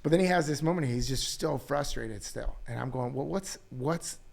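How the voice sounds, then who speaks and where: A man's voice: mid-range voice, fairly quick, creaky. A man hosting a podcast, chatting casually, who tells stories with energy and acts out the voices in them. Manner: animated storyteller, acts out quotes. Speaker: podcast host.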